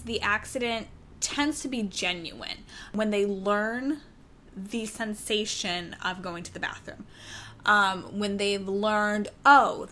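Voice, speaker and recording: Woman chatting calmly about parenting, lots of ums, mid pitch, faint hiss behind. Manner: calm and reassuring, many "um" fillers and restarts. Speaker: parenting advice vlogger. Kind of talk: casual advice talk to camera.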